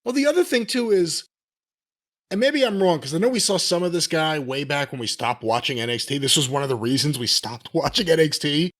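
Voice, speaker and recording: Lively high-voiced man needling his co-host. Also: fairly quick. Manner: lively, needling, playfully challenging. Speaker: podcast co-host. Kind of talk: casual podcast chat.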